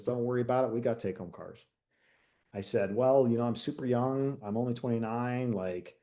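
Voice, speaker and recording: A retired detective sergeant from the United States, a man, telling a candid story in a casual interview and acting out the dialogue. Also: medium pitch. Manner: candid, animated storyteller who acts out quoted dialogue.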